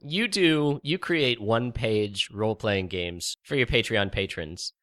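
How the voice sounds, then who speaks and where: A man's voice: on the low side, expressive, takes it slowly, a bit bright. An American man hosting a podcast in casual chat, joking and laughing often. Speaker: podcast host.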